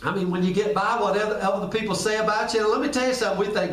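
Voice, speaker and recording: A man's voice: very high voice, a little fast, a bit bright. A pastor preaching a sermon with passion who acts out the scripture scenes as he goes. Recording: echoey room, distant mic.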